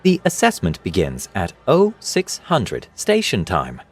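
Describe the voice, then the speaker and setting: A man's voice: sits low, huge pitch swings, unhurried, breathy edge, faint music behind, full character voice. A man voicing a fussy alien administrator with eye stalks, speaking formally and cautiously.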